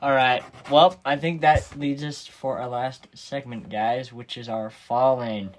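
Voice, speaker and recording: A man's voice: medium pitch, fairly even intonation, a little slow, a little hiss or hum. A man hosting a podcast in casual chat, laughing often and acting out movie lines. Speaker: podcast host.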